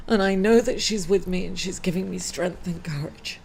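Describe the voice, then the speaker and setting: A middle-aged woman reading weekly horoscopes, emotional after a loss and halting, with many fillers and apologies. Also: mid-range voice, creaky, darkish tone. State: emotional, grieving. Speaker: astrology reader.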